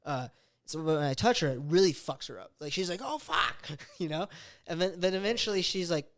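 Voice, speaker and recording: Lively young man, swearing storyteller. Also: a little high, brisk. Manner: swears a lot, animated storytelling with voiced quotes. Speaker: podcast host. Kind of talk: casual chat.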